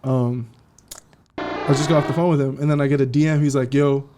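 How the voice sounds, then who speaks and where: A man's voice: mid-range voice, fairly quick, music in the background. Slangy young man telling his DJ story. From California. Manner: slangy, animated, acts out quotes. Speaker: DJ guest. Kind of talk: casual interview storytelling.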